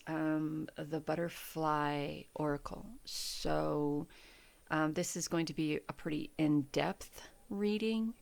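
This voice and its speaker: Slow, low-voiced woman tarot reader. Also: vocal fry. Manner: soft-spoken, unhurried, with frequent fillers. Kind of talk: pick-a-card tarot reading.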